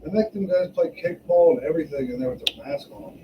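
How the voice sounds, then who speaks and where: A man with a somewhat high voice chimes in off camera at home, teasing and joking in short remarks. The sound is slightly muffled and lo-fi. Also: quick pace, slight background noise. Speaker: family member off camera. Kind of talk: casual chat.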